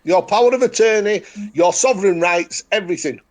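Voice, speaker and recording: Emphatic high-voiced Yorkshire man. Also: brisk. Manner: emphatic, repetitive, declaring. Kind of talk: casual chat.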